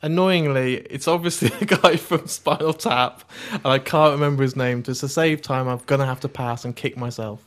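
A man's voice: medium pitch, fairly even intonation, normal speed, hardly any pauses. A man co-hosting a casual podcast, laughing often and stumbling over his words when nervous. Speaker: podcast co-host.

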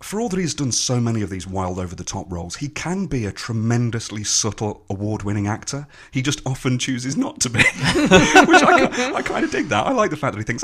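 A man's voice: mid-range voice, very animated, fairly quick, few pauses, a bit bright, breathy edge. A man co-hosting a film podcast, rambling enthusiastically and swearing casually. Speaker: podcast co-host.

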